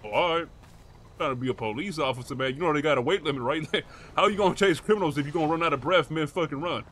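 A man riffing through improvised game role-play with brash, mocking trash talk. His voice sits high for a man and the words tumble out fast, with faint noise underneath. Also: a bit bright. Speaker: roleplay streamer.

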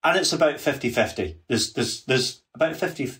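A man's voice: mid-range voice, lively intonation, brisk, fairly bright tone. A man guesting on a history podcast, earnest and detailed, often restarting his sentences as he explains. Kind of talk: casual history podcast chat.

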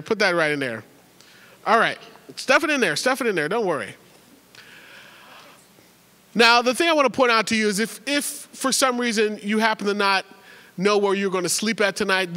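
A man with a high, bright voice gives announcements to his congregation from the pulpit. He is chatty and joking, often stumbling and restarting his words. His voice rings out with a long reverb in a large church sanctuary. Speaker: pastor.

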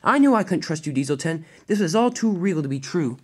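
An anxious toy express engine from a storybook, pleading in a high, strained voice that leaps up when he's frightened, as the reader puts him on. His pitch swings widely from phrase to phrase. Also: lively intonation, a little fast, husky. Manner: pleading, breaks into high cries.

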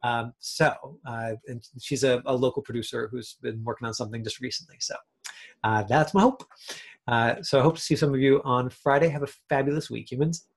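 Give me a husky man teaching an acting class on a video call, chatty and relaxed. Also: medium pitch, a little fast. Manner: chatty, uses lots of fillers. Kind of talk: casual online class talk.

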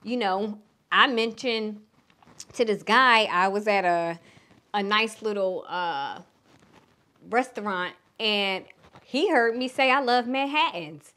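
A woman's voice: mid-range voice, takes it slowly, pushed and bright. A middle-aged woman from Philadelphia with a Southern twang, giving frank relationship advice in a casual vlog and swearing freely. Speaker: relationship coach.

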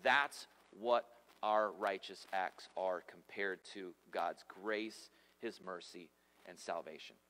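A man's voice: deep voice, takes it slowly, pushed and bright. A man preaching a sermon as pastor, emphatic and conversational with humorous asides. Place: church sanctuary. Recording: long reverb of a church hall.

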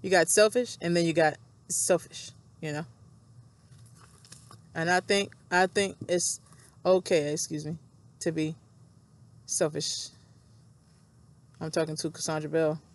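This woman vlogger speaks at a measured pace in a low-pitched voice with fairly even intonation and long pauses. In her casual monologue she rambles and repeats herself, reflecting aloud and reading scripture between her thoughts.

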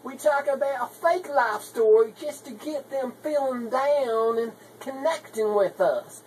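A woman's voice: sits high, measured pace, darkish tone, a little hiss or hum, low-quality recording. A woman playing a scheming country wife with a put-on rural Southern US hick accent. She rambles in a folksy way and calls everyone honey. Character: scheming country wife pitching web-marketing tricks. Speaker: comedy video maker. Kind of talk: comedy sketch monologue.

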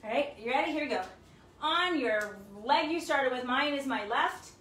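A woman fitness instructor leading a home workout, counting reps out loud and cheering her class on. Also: sits high, expressive, normal speed, recorded from a distance, slight background noise. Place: her home, echoey room. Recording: echoey room, mic from afar.

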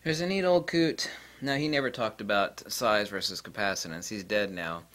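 A man's voice: on the low side, normal speed, fairly bright tone. A man giving a rambling solo lecture, combative and profane, scornful of his critics. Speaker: channel host.

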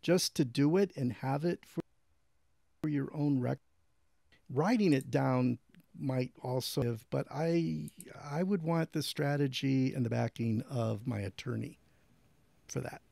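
A man who is a counselor and guest on a podcast, explaining things in an animated way. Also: mid-range voice, a little slow, gravelly, dry recording. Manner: animated, acts out example conversations. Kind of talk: interview.

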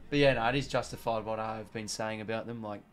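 A man's voice: on the low side, quick pace. Chatty Australian man calling footy live. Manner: chatty, reads chat aloud, excited on goals. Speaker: live watch-along host. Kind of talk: casual play-by-play commentary and chat.

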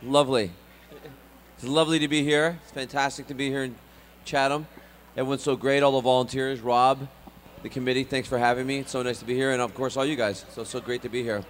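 A man's voice: medium pitch, brisk, in a large hall, a little hiss or hum. A man from Scotland, a convention celebrity guest, telling stories casually and acting out voices. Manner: animated storyteller, acts out voices in anecdotes. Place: convention hall.

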